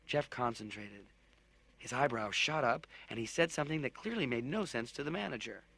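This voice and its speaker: A man narrating a children's science fiction audiobook in an expressive storytelling manner. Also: medium pitch, fairly quick. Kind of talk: audiobook narration with character voices.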